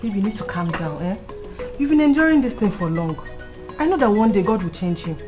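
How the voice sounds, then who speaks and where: An actress with a Nigerian accent playing a soft-spoken best friend who calms her friend down. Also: mid-range voice, fairly quick, loud music behind the voice, close to an everyday voice. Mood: soothing. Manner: soft, calming. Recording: loud film score under dialogue.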